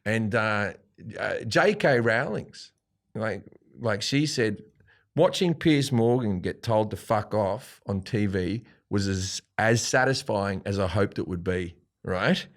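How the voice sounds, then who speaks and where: Mężczyzna z australijskim akcentem, w średnim wieku, opowiada w wywiadzie barwne, wulgarne historie i odgrywa cudze kwestie. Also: male voice, on the low side, takes it slowly. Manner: profane, animated storytelling with acted-out quotes. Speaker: guest comedian. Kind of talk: storytelling in a casual interview. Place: studio.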